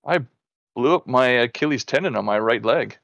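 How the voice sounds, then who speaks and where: A man in his thirties with a gravelly, medium-pitched voice talks at a normal speed, with no echo. He's co-hosting a casual podcast chat as an animated storyteller, swearing freely and acting out what people said.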